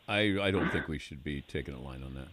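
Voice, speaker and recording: An older man hosting a sports radio show, chatting casually with a wry, relaxed manner and frequent laughs. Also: extremely low pitch, brisk, no echo. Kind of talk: casual studio banter.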